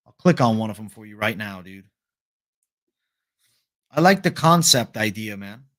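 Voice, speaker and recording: A man's voice: lowish voice, expressive, moderate pace, a bit bright, dry recording, clean studio sound. A young man hosting a casual livestream, reading viewer questions aloud in a laid-back, profane bro manner. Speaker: livestream host.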